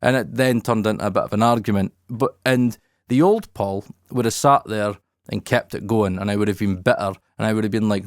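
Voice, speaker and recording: A man's voice: on the low side, steady tone, brisk, dry recording, studio quality. A man hosting a podcast, talking openly and reflectively and swearing casually. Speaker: podcast host. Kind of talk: candid podcast talk.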